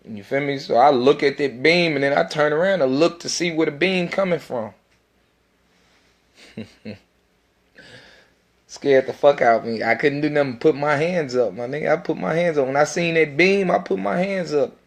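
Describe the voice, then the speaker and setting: A man's voice: on the high side, normal speed, pauses often. A man, an independent rapper, talking in a casual self-recorded monologue that is intense, rambling and full of profanity.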